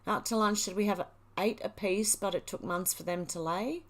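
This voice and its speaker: A woman's voice: mid-range voice, normal speed. A middle-aged woman hosting a livestream, reading viewer comments aloud and chatting back casually. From Australia. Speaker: livestream host reading chat. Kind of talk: casual chat.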